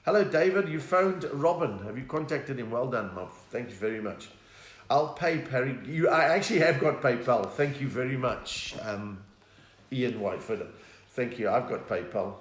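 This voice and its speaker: A man's voice: medium pitch, echoey room. A South African man, a comedian, chatting casually from his home lounge, reading viewer comments and telling jokes. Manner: chatty, reads viewer comments aloud, slips into put-on voices for jokes. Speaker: comedian hosting a livestream. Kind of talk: casual live-stream chat and stand-up storytelling.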